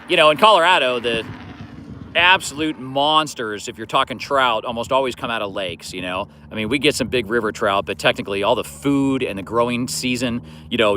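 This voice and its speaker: A man's voice: mid-range voice, pushed and bright, slight background noise. A man hosting a fishing livestream, chatting casually and rambling with lots of "you know" as he answers viewers' comments. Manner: easygoing, rambling, many fillers like "you know".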